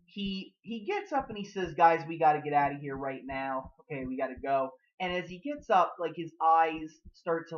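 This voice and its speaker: A man with a fairly high voice rambles through a casual review of a TV episode, leaning heavily on fillers like "you know" and "like." He acts out the characters' lines in quick bursts, and the audio sounds dull.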